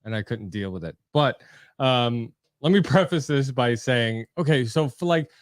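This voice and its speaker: Smooth-voiced male podcast host. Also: mid-range voice, normal speed, dry recording, clean studio sound. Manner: relaxed, joking, with fillers. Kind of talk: casual chat.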